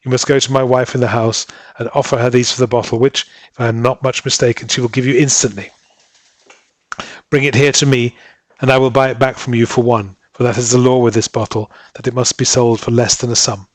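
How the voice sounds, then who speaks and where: A man's voice: medium pitch, level tone, brisk, no room sound, close to an everyday voice. An earnest, troubled husband, read by a man narrating a story. He speaks sincerely and presses his case with urgency. The sound is dry and close, in a middle male register. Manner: earnest, pleading.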